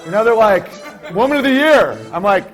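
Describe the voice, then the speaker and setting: Man playing a brash stand-up comic, high voice, rambling, laughs mid-line. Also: animated, fairly quick, faint music behind. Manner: rambling, provocative, laughs through lines. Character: brash male stand-up comic ranting onstage. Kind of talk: stand-up comedy bit.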